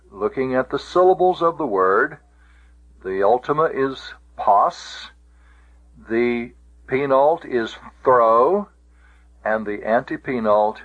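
A man teaching a grammar lesson, slow and methodical, spelling out letters and repeating words for his students. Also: lowish voice, slightly rough, muffled recording. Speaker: Greek teacher. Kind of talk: recorded classroom lecture.

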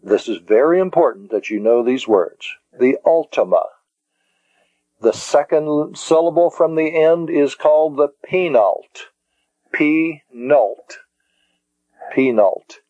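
Male teacher, very slow and patient, mellow voice, dry dull lo-fi sound. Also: medium pitch, no room sound. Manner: slow, patient, repeats key words. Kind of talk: slow lecture on Greek syllables. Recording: dull lo-fi recording.

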